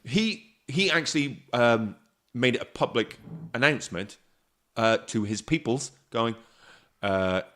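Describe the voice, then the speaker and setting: A man's voice: medium pitch, expressive, slow, fairly bright tone. A middle-aged man with a Northern Irish accent, a guest comedian telling sweary, wry stories in casual podcast chat. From Northern Ireland. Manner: sweary, wry, storytelling with trailing mutters.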